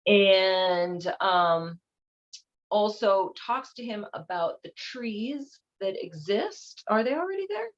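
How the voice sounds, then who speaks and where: A woman hosts a show with casual commentary, chatty and irreverent, using lots of fillers. Her medium-pitched voice has lively intonation at a slow pace, and the audio is slightly dull and lo-fi.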